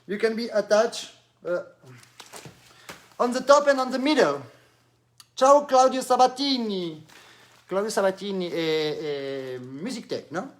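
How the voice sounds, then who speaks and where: A man with a French accent giving an animated live-stream accordion lesson, demonstrating as he talks and slipping into French. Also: high-pitched, measured pace, long pauses. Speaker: accordion teacher.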